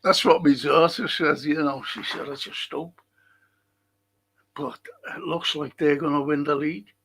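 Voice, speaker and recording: A man's voice: a little high, steady tone, moderate pace, fairly bright tone. A middle-aged man hosting a casual live stream, reading out viewer comments, answering them and swearing now and then.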